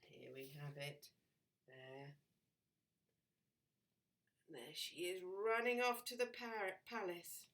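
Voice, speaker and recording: A woman teacher reading a picture book aloud to children, expressive and slow, pointing out the pictures. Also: on the low side, far from the mic.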